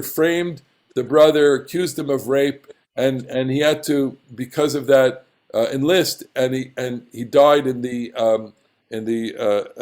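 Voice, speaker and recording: A man's voice: mid-range voice, a little mellow. A man teaching a Bible class, passionate and opinionated. He often stumbles over his words and restarts.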